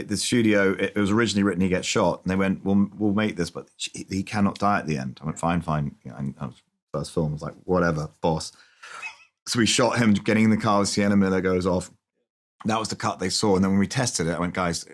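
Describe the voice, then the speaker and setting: A man being interviewed about his film work, telling loose, rambling stories in a casual chat and acting out the people he quotes. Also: sits low. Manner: animated, acts out quoted voices, rambling restarts, frequent swearing. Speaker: film director guest. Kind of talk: casual anecdotal storytelling.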